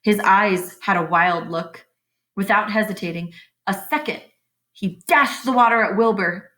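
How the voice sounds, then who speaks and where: A woman reads a children's chapter book aloud with lively expression. Now and then she stops to explain the story to young listeners in a teacher-like way. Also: medium pitch, measured pace.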